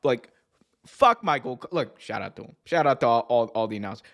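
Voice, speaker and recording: Medium in pitch and brisk, a man hosts a wrestling podcast in casual talk, laughing excitedly, stumbling through restarts, and shouting commentators' famous calls.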